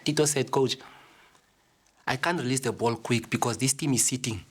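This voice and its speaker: Relaxed football player recalling the dressing room. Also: male voice, medium pitch, moderate pace, slight background noise. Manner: casual, relaxed, fillers like you know. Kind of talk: reflective interview.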